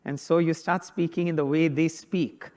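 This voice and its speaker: A man's voice: on the high side, fairly even intonation, normal speed, a little mellow. A middle-aged man from India, a priest giving a conversational homily, often restarting and repeating his words.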